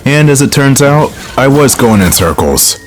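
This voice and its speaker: A man's voice: medium pitch, animated, normal speed, soft background music. A man hosting a let's play, giving casual, joking gameplay commentary full of rambling tangents.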